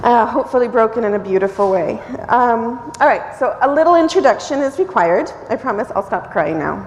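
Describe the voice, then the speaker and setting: A woman missionary in her forties addressing a church and praying, tearful and emotional, often pausing with fillers. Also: on the high side, lively intonation, a little mellow, in a large hall, a little hiss or hum, poor audio. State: crying. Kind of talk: church talk and prayer. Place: church sanctuary.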